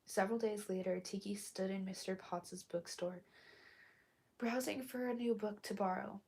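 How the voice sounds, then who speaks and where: A woman reading a story aloud while sick and hoarse, coughing between lines and often dropping to a whisper. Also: mid-range voice, steady tone, darkish tone. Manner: slow, halting, often drops to a whisper. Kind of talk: casual live read-aloud with asides.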